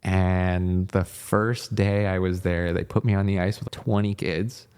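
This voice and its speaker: Deep and smooth, the voice of this former hockey coach keeps a measured pace. In his thirties and from Virginia in the United States, he tells stories as a podcast guest in a casual interview, playing the parts of the people he quotes.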